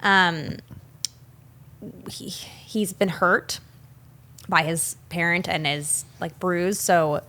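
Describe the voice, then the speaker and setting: A young woman co-hosting a film podcast, retelling scenes in a chatty, animated way with many fillers. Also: lowish voice, very slow, long pauses. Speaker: podcast co-host. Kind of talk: casual film discussion.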